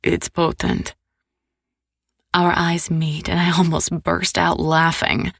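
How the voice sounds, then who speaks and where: A woman narrating a first-person romance audiobook in an intimate, soft-spoken way. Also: on the low side, level tone, a little slow, vocal fry, no room sound, clean studio sound.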